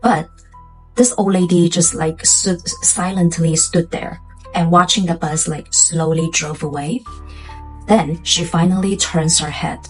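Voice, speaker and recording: A woman's voice: lowish voice, fairly even intonation, measured pace, faint music behind, poor audio. A woman telling a spooky tale to her viewers in a chatty, casual way, full of fillers. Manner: chatty, loose phrasing with many fillers. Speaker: storyteller.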